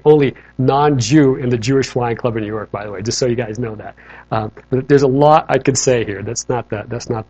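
A man's voice: mid-range voice, darkish tone, breathy edge. A man telling a personal testimony to an audience in a conversational storytelling manner, often checking in with asides. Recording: slightly dull lo-fi recording.

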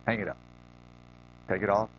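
A quiet, stern older kung fu master speaks in low, hushed commands, as a man puts him on while retelling a story. He repeats each order flatly and firmly. The recording is dull and lo-fi. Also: moderate pace, a little hiss or hum, lightly acted.

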